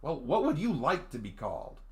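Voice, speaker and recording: A man's voice: mid-range voice, huge pitch swings, moderate pace, a little mellow, pitched above the performer's own voice. A man voicing a polite, earnest young man who stammers as he tries to reassure, in a visual novel reading. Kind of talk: visual novel read-aloud.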